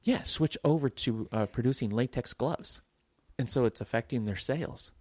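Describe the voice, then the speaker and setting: A man's voice: mid-range voice, normal speed, darkish tone, dry recording. A man co-hosting a podcast, chatting casually with sarcastic, crude jokes. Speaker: podcast co-host. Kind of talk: casual chat. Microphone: new microphone.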